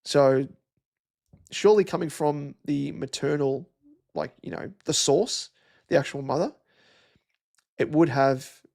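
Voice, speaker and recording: A man's voice: on the high side, a little slow, vocal fry, pauses often, darkish tone. An Australian young man hosting a casual live stream, rambling and chatty with lots of fillers as he reads out comments. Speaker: livestream host.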